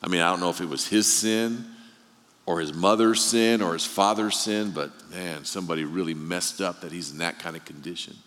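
Offhand young male disciple, casual mumble, low voice, reverberant hall, put on by a preacher. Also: a little fast, a bit bright. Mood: shrugging.

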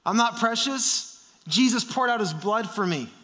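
A male preacher delivering an impassioned sermon in a high, bright voice. He swings from loud, fervent declarations to hushed, intense passages. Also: lively intonation, unhurried.

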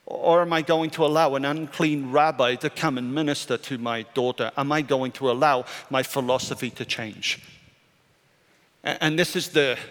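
Preaching man in a reverberant hall. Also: on the high side. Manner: swings from loud urgent questions to quiet hushed statements. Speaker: pastor. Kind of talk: sermon. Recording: church hall reverb with soft music.

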